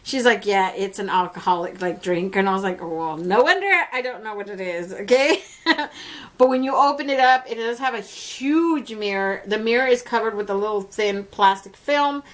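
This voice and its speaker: A woman's voice: mid-range voice, normal speed. A young adult woman reviewing makeup in a casual, candid, chatty way, laughing often and swearing now and then. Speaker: beauty vlogger.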